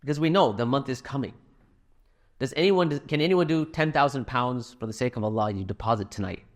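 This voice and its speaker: A middle-aged man speaks to a live audience in a hall at a fundraising talk, sharing anecdotes and appealing for donations conversationally. His voice is medium-pitched and fairly quick.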